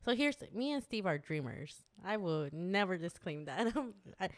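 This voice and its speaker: A woman's voice: on the low side, lively intonation, a little slow. A woman in casual conversation, telling stories in a rambling way and laughing often. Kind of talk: casual chat.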